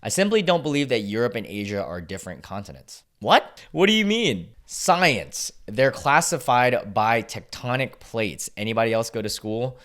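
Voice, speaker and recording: A man's voice: medium pitch, sing-song, moderate pace, few pauses, fairly bright tone. A young man hosting a casual reaction video, reading posts aloud and reacting bluntly with frequent swearing.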